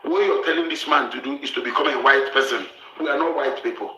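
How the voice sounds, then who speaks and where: A man's voice: medium pitch, quick pace, roomy sound, faint music behind, poor audio. A man from Africa hosting a show, giving blunt, lecturing relationship advice and repeating his points. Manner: forceful, lecturing, repeats himself.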